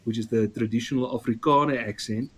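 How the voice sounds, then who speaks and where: A man's voice: mid-range voice, fairly even intonation, fast talker, breathy edge. A man from South Africa co-hosting a podcast, enthusiastic and emphatic, with a radio presenter's delivery. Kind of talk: casual chat.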